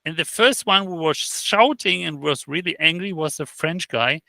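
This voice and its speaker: In a relaxed interview, a guest with a bright, gravelly voice pitched on the high side shares stories. His delivery is halting and full of fillers and restarts, yet he's an animated storyteller who performs the quoted back-and-forth, and the recording is dry.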